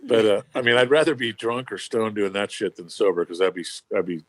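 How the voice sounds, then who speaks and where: A man's voice: fairly low pitch, a little fast, a bit bright, no room sound. A man, a touring band member, tells rambling, profane stories on a podcast, laughing as he goes. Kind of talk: casual podcast storytelling.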